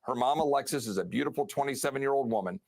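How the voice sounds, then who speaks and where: A man, a congressman, speaking in a televised interview with forceful campaign rhetoric. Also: mid-range voice, very fast, creaky, no echo.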